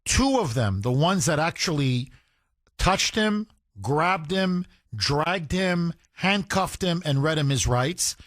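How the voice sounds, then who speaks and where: A man's voice: on the high side, lively intonation, slow pace, fairly bright tone, no room sound, clean studio sound. A man hosting a talk radio show, giving emphatic, indignant commentary and mimicking the people he talks about.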